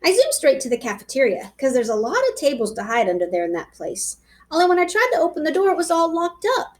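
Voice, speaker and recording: Lively woman reading a children's story. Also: high-pitched, fast. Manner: lively, playful child's-voice narration. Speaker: reader. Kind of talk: storybook read-aloud.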